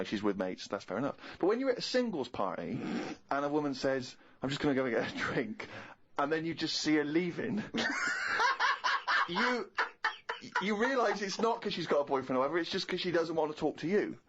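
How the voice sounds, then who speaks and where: A man co-hosting a podcast, telling comic stories in an animated, rapid way. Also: medium pitch, dull audio, a little hiss or hum. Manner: animated, rapid anecdotal delivery. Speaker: co-host.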